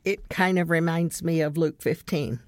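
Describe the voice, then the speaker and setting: A woman's voice: low voice, steady tone, normal speed, dry recording. A middle-aged woman hosting a podcast, earnestly telling a family story and laughing now and then as she recounts it. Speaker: podcast host. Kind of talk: conversational storytelling.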